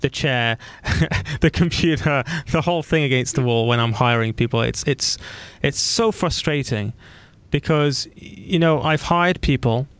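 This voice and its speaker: A man hosting an interview in a casual, animated way, telling stories and acting out the voices of the people in them. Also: mid-range voice, measured pace, smooth, no room sound. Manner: animated storytelling, acts out quoted voices. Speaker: podcast host.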